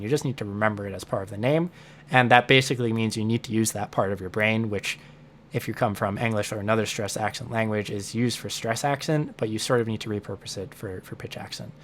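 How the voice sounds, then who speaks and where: A man with a fairly low voice gives a relaxed spoken lesson. He thinks aloud as he explains, often restarting and repeating a word before going on. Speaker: language learning teacher.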